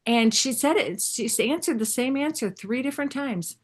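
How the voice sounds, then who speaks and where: A woman's voice: on the high side, expressive, normal speed, husky. An older woman sharing a story in a casual, rambling way, often restarting her sentences and laughing. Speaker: spiritual group member sharing.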